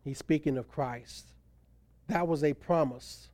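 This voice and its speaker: A man's voice: a little high, slow pace, a little mellow, dry recording. Emphatic man preaching a sermon. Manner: emphatic preaching, voice rising and falling for stress. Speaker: pastor.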